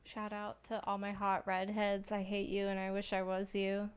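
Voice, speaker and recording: A woman's voice: medium pitch, completely flat delivery, normal speed, clear, resonant tone. Chatty woman streamer drawing live. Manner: joking, chatty, talks to chat while working. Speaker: streamer drawing art requests. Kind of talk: casual livestream chat while drawing.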